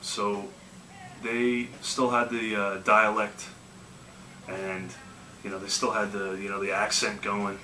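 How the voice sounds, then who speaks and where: A man's voice: fairly low pitch, little pitch movement, slow pace, sharp tone, slight background noise. A man casually telling yard-sale stories in a laid-back, rambling way. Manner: laid-back, lots of "you know" and "man". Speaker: video game collecting vlogger. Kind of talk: casual storytelling. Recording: echoey room with faint music.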